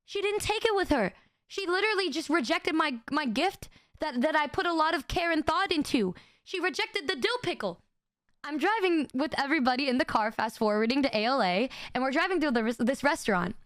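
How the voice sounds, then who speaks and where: A young woman streamer telling a funny story in casual chat, animated and laughing often, with quick stammers and restarts. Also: no room sound, studio quality. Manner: acts out friends' lines in quick high bursts. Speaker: VTuber streamer.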